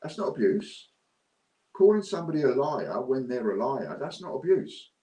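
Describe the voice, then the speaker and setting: A man's voice: mid-range voice, sing-song, normal speed, mellow, reverberant, rough recording. A man ranting to camera, blunt, indignant and repetitive. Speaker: business owner vlogger.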